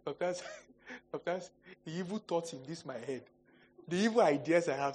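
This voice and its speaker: A man's voice: fairly high pitch, fast, a little hiss or hum. A male pastor preaching a sermon, telling humorous stories and acting out quoted voices. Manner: animated storytelling, jokes and mock quotes.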